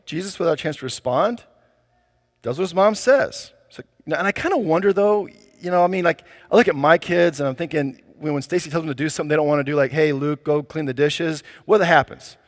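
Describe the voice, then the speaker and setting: A pastor delivers his sermon in a relaxed, conversational way, with plenty of casual fillers. His voice sits a little high for a man. A long reverb hangs after each phrase. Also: moderate pace.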